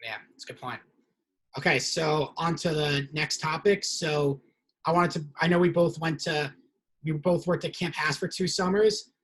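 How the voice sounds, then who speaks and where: A young man with a husky, slightly breathy voice, pitched a touch higher than most men, hosting a casual interview. He tells stories with lively energy and acts out the lines he quotes. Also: moderate pace, low-quality recording. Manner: animated storyteller, acts out quotes. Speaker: podcast host.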